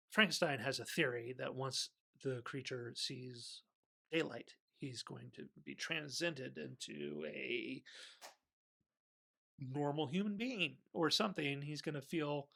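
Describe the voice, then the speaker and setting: A man giving casual, rambling movie commentary, animated and often correcting himself. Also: medium pitch, gravelly. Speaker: movie reviewer.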